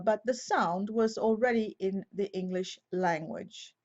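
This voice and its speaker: Woman giving a measured teaching talk. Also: mid-range voice, darkish tone. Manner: measured, methodical explaining with occasional self-corrections. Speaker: Bible teacher. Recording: slightly dull lo-fi recording.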